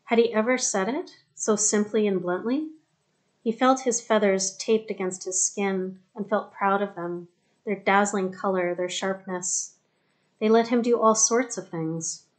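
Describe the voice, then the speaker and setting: A woman narrating an audiobook in a steady, even storytelling manner. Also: mid-range voice, measured pace. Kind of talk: scripted narration.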